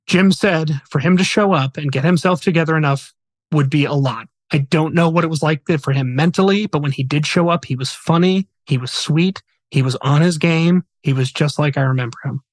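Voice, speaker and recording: Mężczyzna, poważnie opowiadający historię, suchy dźwięk. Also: male voice, a little high, a little fast, dry recording. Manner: earnest, somber retelling with quoted dialogue. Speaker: podcast host. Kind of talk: storytelling podcast narration.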